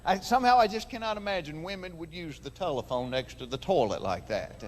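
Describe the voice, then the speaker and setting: High-voiced Southern man doing stand-up. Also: lively intonation, brisk, big-room sound, a little hiss or hum. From Georgia, US. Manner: folksy storytelling with voices. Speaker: stand-up comedian. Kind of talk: stand-up comedy routine. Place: large theater stage before an audience.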